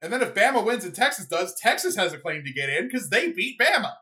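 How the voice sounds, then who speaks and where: A young adult podcast host in a casual solo rant, rambling and excitable, with lots of "like" and "you know". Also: mid-range voice, fast talker. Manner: rambling, filler-heavy, excitable.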